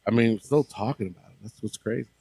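A man's voice: lowish voice, fast talker, vocal fry, mellow, slightly rough, no room sound. A man hosting a wrestling podcast in casual, profane banter, laughing often. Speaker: podcast host. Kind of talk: casual chat.

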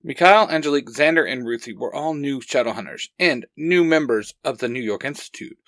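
A man's voice: medium pitch, lively intonation, a little fast, fairly bright tone, dry recording. A man reading his own fan story aloud, acting out the dialogue earnestly as storyteller.

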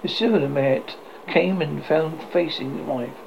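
A man narrating a classic story aloud in a steady reading voice, with occasional small slips. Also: a little high, a little slow, vocal fry. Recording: slightly dull, faint hiss.

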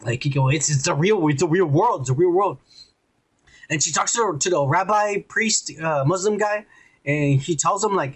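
A podcast co-host recaps a show in a rambling, profane, casual way, slipping into mocking voices for the characters he quotes. His voice is husky and sits high for a man, at a moderate pace.

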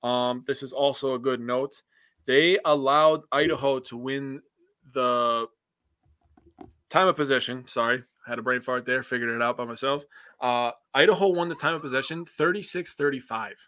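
A man with an American accent co-hosting a sports podcast, laid-back, reading out game stats slowly with fillers. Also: medium pitch, steady tone, sharp tone, no room sound. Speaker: podcast co-host. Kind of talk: casual sports chat.

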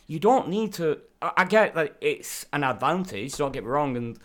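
A man's voice: on the high side, sing-song, normal speed, fairly bright tone. A man in casual chat, blunt and swearing freely as co-host.

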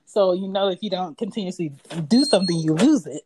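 A woman in her thirties from Georgia tells stories in relaxed conversation. Her voice sits on the low side, and it leaps up when something amuses her. She talks loosely and with a lot of expression. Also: fairly quick, a loud crowd. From United States (Georgia). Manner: animated, laughing storyteller with big pitch jumps. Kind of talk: casual chat.

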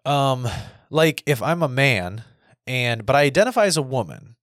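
A man in his thirties talks through a casual podcast monologue, circling back and repeating his points with many restarts. His voice sits at a middle pitch. The sound is dry, with no room echo. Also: animated, moderate pace, fairly bright tone. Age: 30s. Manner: rambling, repeats himself, frequent restarts. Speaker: podcast host.

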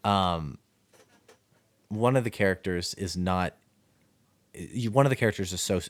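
A man with a very deep voice chats casually about a film, often halting on fillers and restarting his sentences. The sound is dry and close, with no room around it. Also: dry recording. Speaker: podcast co-host.

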